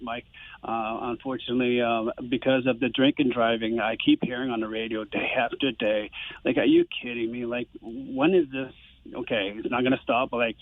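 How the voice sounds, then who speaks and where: A man calling into a radio show, excitable and giggly, his voice rising into heated bursts. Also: medium pitch, gravelly, dry recording. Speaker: caller. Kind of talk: phone-in chat. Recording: tinny phone line.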